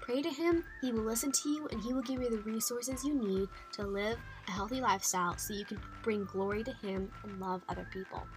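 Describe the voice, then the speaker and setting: A woman's voice: fairly high pitch, fairly quick, hardly any pauses, music in the background. A young adult woman hosting a podcast, chatty and encouraging, with frequent fillers. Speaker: podcast host. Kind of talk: faith-based health podcast monologue.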